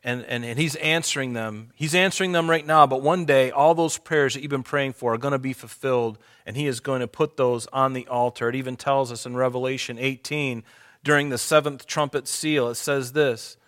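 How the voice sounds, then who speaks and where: A man preaching a sermon in an earnest, conversational way, slowing and lifting his voice when reading scripture aloud. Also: medium pitch, fairly even intonation, fairly bright tone, clean tone. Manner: conversational asides to the congregation. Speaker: pastor.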